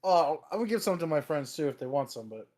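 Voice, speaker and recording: A man's voice: a little high, big pitch swings, quick pace, a little mellow. A man playing a tabletop game, talking in a laid-back, rambling way. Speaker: player.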